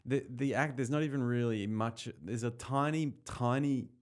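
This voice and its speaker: A man's voice: mid-range voice, moderate pace. An Australian man with an Australian accent, hosting a podcast in casual, candid chat and swearing freely. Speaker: podcast host and comedian.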